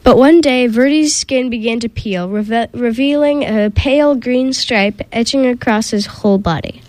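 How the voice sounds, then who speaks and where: A woman hosting a community radio show and reading a children's picture book aloud, with gentle delivery and small slips and restarts. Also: on the high side, moderate pace, dry recording, poor audio.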